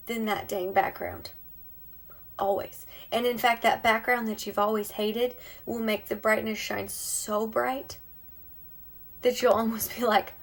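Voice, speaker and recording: A woman with a fairly high voice speaks unhurriedly and with fairly even intonation, leaving long pauses. She's a beauty vlogger on a live stream from home, giving a heartfelt, encouraging and emotional monologue, sometimes dropping to a near-whisper.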